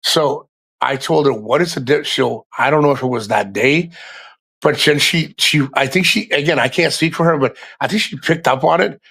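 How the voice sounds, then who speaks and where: A man's voice: a little high, normal speed, creaky, a bit bright, husky. A man hosting a casual livestream, talking frankly to his chat, swearing often and rambling through asides. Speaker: livestream host.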